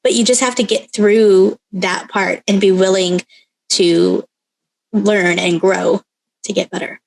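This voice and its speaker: A woman co-host with a gravelly, fry-heavy voice, talking in a relaxed chatty way. She is agreeable and often laughs or jumps in with a word. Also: medium pitch, slow pace, poor audio. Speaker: podcast co-host. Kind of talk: casual chat.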